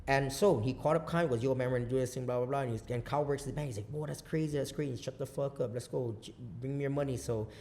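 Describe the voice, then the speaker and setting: A man from Guam, a business owner guesting on a podcast, telling stories in casual chat, swearing a lot and talking in an animated way. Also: mid-range voice, rapid-fire, few pauses. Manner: profane, animated storyteller.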